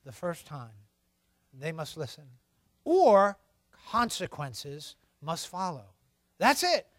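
A middle-aged man giving a humorous sermon on parenting, animated and acting out scolding parents for laughs. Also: fairly high pitch, takes it slowly, no room sound.

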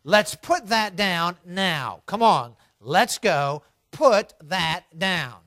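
A man voicing a young father who calmly coaxes, then firmly insists. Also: high voice, unhurried, no echo, clean studio sound, exaggerated voice. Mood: coaxing. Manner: calm, coaxing, firm. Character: patient young father in a store.

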